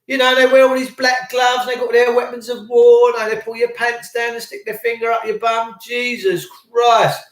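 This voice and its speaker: A man's voice: very high voice, completely flat delivery, normal speed, hardly any pauses, a bit bright, roomy sound. A man hosting a livestream, ranting sarcastically and mockingly as he reads out viewer comments. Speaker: livestream host.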